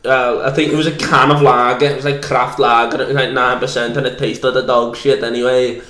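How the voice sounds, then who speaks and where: A man's voice: mid-range voice, level tone, brisk, a bit bright, reverberant. A young man from Liverpool with a Scouse accent, a podcast guest telling a long, crude, self-deprecating story in casual chat.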